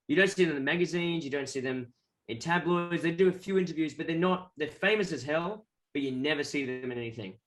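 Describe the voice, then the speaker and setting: A man's voice: on the high side, fairly bright tone. An Australian man, a guest musician, telling rambling stories in a casual interview and acting out the voices of people he quotes.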